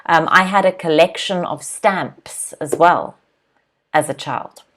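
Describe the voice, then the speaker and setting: A woman in her thirties teaching an English lesson, repeating words slowly and clearly for pronunciation practice. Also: low voice, fairly bright tone.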